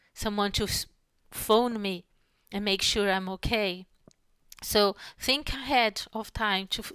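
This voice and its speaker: A woman psychologist lectures online in a calm, measured way, easing into a soft, slow voice when she guides breathing exercises. Her voice is smooth and resonant, of middle pitch, and sits close to the microphone in a dry, dead room with no echo.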